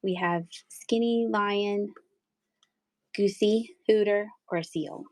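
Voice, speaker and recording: A woman's voice: medium pitch, steady tone, slow, a little mellow. A middle-aged woman from Pennsylvania hosting a live-stream sale, chatty and playful, with giggles and sing-song asides. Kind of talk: casual live-sale chat.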